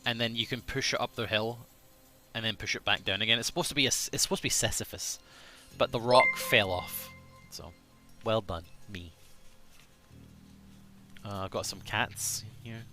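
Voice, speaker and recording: A man's voice: fairly low pitch, normal speed, pushed and bright, soft background music. A man chatting casually on a live game stream, rambling, self-deprecating and swearing freely, sometimes muttering to himself.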